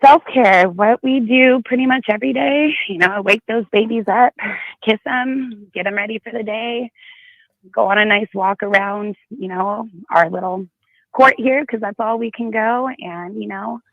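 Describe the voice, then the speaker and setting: A woman's voice: fairly high pitch, normal speed, gravelly, dry recording, phone-quality sound. A woman calling in to a talk show, speaking hesitantly with worry and frequent restarts. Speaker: caller. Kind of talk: phone call-in chat.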